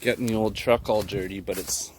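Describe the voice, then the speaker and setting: A man's voice: on the low side, steady tone, brisk, slight background noise. A young man rambling casually to his camera outdoors on rural land, loose and self-deprecating. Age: young adult. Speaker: vlogger.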